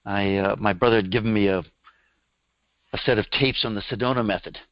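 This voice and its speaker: Middle-aged guy chatting thru a workshop, laughs at his own stories, flat dead-sounding audio. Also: fairly low pitch, fairly quick, no echo. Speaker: workshop teacher. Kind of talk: live workshop talk. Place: room with a live audience. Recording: dull dry lo-fi recording.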